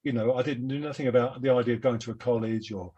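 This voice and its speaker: An older man with a London Cockney accent, his voice slightly husky and sitting at a middle pitch. He rambles through his memories in a self-deprecating way. He speaks over a video call. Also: steady tone, quick pace, warm tone, muffled recording. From London, England. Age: 70s. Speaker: guest musician. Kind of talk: reflective interview chat.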